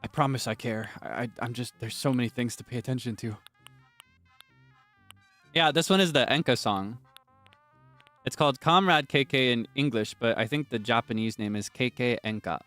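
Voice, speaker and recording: A man streaming a game, chatting casually and rambling between sudden loud, high outbursts. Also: moderate pace, long pauses, dry recording, soft background music. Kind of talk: casual gameplay chat.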